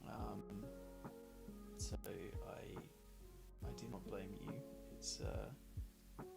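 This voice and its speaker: A young man from northern England talks through a late-night stream, sounding tired and self-deprecating. His speech is slow and unhurried, with a gravelly fry and plenty of ums as he trails off. Plucked guitar music plays clearly underneath. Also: fairly low pitch, steady tone, low-quality recording. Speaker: livestream host painting along. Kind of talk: casual rambling livestream chat. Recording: background music playing under the voice.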